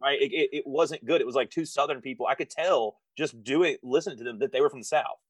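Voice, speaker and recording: An earnest man on a casual podcast lays out his complaints about a film's performances. His tone is steady and critical, and it sometimes drops quite low. The sound is dry and close. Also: quick pace, breathy edge, dry recording. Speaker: podcast co-host. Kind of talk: casual movie review chat.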